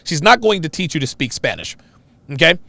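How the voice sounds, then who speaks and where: A man's voice: on the high side, big pitch swings, fairly quick, vocal fry, sharp tone, no room sound. A man hosting a livestream, giving casual, profane reaction commentary and talking to viewers as "dude.". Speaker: livestream host reacting to a video.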